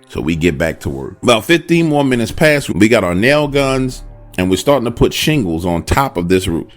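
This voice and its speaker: A man's voice: on the high side, big pitch swings, a little fast, soft background music. A man narrating a first-person horror encounter, speaking dramatically and addressing the listener directly. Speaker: storyteller.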